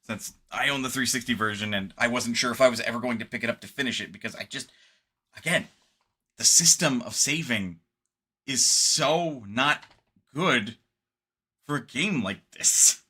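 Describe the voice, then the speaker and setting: A man's voice: mid-range voice, brisk, pushed and bright, breathy edge. A man streaming games, wrapping up in casual rambling chat, tired and yawning late at night. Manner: rambling, laid-back, sleepy.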